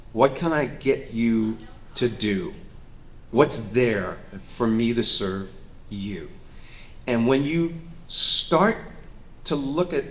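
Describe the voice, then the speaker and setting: A man, a guest actor and director, telling stories on a festival panel stage, lively and candid, acting out the people he quotes. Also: medium pitch. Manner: animated, acts out quotes, candid and self-mocking. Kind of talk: storytelling interview on stage.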